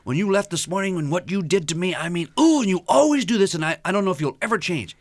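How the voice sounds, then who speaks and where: A man's voice: lively intonation, quick pace, no room sound, clean studio sound. A man putting on an exasperated angry wife. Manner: high strained complaining voice.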